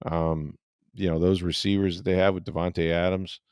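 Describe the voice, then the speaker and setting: A man's voice: deep voice, level tone, normal speed, darkish tone, clean tone, dry recording, clean studio sound. A middle-aged man hosting a sports podcast, telling a rambling story in casual chat with lots of fillers.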